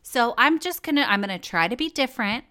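A woman hosting a casual podcast, her voice hoarse and cracking in and out, chatty and joking, with free swearing. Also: fairly high pitch, expressive, brisk, sharp tone. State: hoarse, voice going in and out. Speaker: podcast host.

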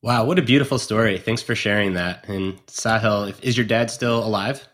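A man's voice: lowish voice, normal speed, a bit bright. Chatty male podcast host. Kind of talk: casual interview questions.

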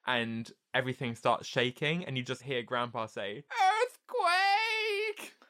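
A man co-hosting a podcast in casual chat, playful and animated. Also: mid-range voice, normal speed. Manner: animated, playful, jumps into silly voices. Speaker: podcast co-host.

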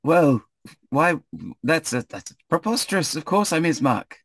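A man's voice: moderate pace, no echo, close to an everyday voice. A man voicing a frantic young nobleman who is stranded on the road and pleads for help, then takes offence. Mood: indignant. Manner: high-pitched, breathless, indignant.

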